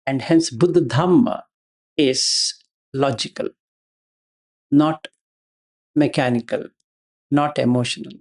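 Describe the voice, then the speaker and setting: This is a man delivering a Dhamma talk in a dark, gravelly voice. He reasons aloud through pointed rhetorical questions, returning again and again to Pali terms. His tone is blunt, brushing emotion aside as illogical. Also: medium pitch, slow, pauses often. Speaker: Buddhist Dhamma teacher.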